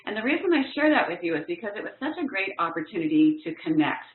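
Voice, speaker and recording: A woman trainer telling a personal story in a workshop talk, earnest and expressive with lively emphasis. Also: on the low side, fast. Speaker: professional development trainer. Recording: echoey, tinny phone-like line.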